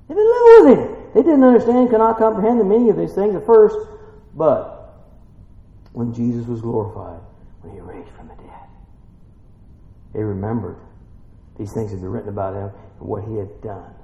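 A man preaching a sermon, swinging between quiet scripture reading and shouted excitement, calling out questions to his congregation. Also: mid-range voice, normal speed, vocal fry, long pauses, reverberant, long reverb tail, phone-quality sound.

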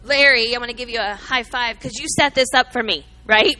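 A woman's voice: a little high, fairly quick, few pauses, bright, forceful tone, rough recording. A middle-aged woman giving an earnest, emotional sermon-style talk, telling a story and teaching from the Bible, calling out to listeners by name. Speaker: speaker at a church gathering.

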